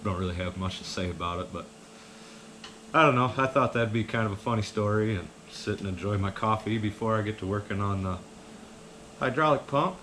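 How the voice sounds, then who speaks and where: A man's voice: lowish voice, a little fast, a bit bright, slight background noise. A man telling a casual story to camera, rambling with lots of fillers and an easygoing manner. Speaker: vlogger.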